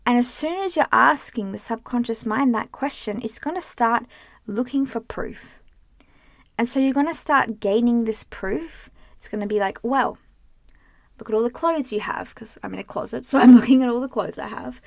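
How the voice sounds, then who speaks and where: A young woman coaching on self-help in a casual, animated way, swearing now and then and acting out the voices in her head, talking from inside a closet full of clothes. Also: on the high side, moderate pace, gravelly, no room sound, studio quality. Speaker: healing coach.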